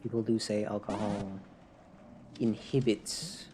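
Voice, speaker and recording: A man's voice: on the low side, fairly even intonation, takes it slowly, noisy background. A man with a Canadian accent, a little drunk, talking to himself in casual gameplay livestream chatter, rambling and chuckling at his own jokes. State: tipsy from drinking. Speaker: streamer.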